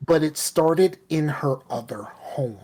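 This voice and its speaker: Husky-voiced podcast host telling stories. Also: medium pitch, takes it slowly. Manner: animated, swears, acts out quotes. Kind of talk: casual storytelling chat. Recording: live stream podcast audio.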